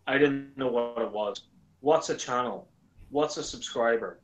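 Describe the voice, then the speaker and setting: A man in casual conversation, telling his stories with lots of energy. He slips into a higher voice to act out the lines of the people he quotes. His voice sits in an ordinary middle pitch. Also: measured pace, low-quality recording. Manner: animated storyteller, acts out quoted lines in a higher voice. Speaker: YouTuber guest. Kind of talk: casual chat.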